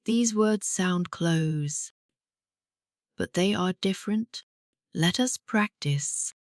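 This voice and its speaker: Very slow, encouraging woman teacher. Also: fairly low pitch, no room sound, studio quality. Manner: slow, clear and encouraging, with pauses for repetition. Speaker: English teacher. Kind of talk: scripted speaking lesson.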